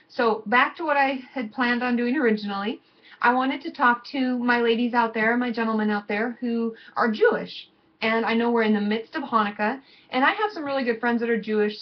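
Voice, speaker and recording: A woman therapist giving casual, gently reassuring advice to her viewers in a chatty, conversational way. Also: a little high, dull audio. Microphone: computer mic.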